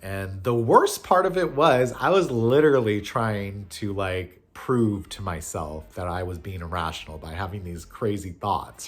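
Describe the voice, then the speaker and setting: A man in his thirties tells a funny story from his youth in a husky, somewhat low voice. He talks casually and animatedly, bursting into loud shouts when he acts out the panic. Faint music plays underneath. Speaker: vlogger telling a personal story.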